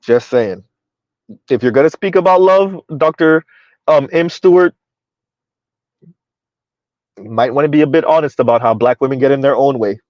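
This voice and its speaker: A man's voice: mid-range voice, moderate pace, pauses often, no echo. A man hosting a casual live-stream, laughing often as he reads viewer comments aloud and reacts to them. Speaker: commentary channel host. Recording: dull lo-fi dry sound.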